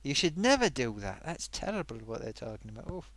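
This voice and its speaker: A man's voice: mid-range voice, very animated, brisk, fairly bright tone, no echo. A man hosting a casual live stream, chatting and reading out viewer comments.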